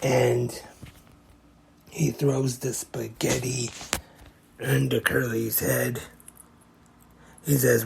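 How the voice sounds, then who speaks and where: A man's voice: mid-range voice, little pitch movement, creaky, noisy background. A man hosting a podcast, retelling a comedy short scene by scene in a plain, casual way. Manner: slow, plain play-by-play retelling. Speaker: podcast host.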